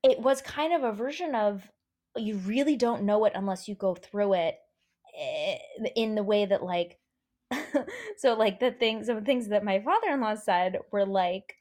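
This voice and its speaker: A woman's voice: medium pitch, animated, unhurried, a little mellow. A woman, a mother, talking earnestly in casual chat, repeating points for emphasis. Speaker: podcast host, mother.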